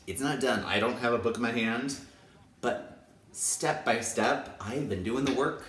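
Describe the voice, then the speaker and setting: A man's voice: a little slow, fairly bright tone. A young adult male teacher vlogging in an enthusiastic, playful way. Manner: enthusiastic, playful, acts out high-pitched quoted voices. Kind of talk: upbeat casual vlog talk. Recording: echoey room.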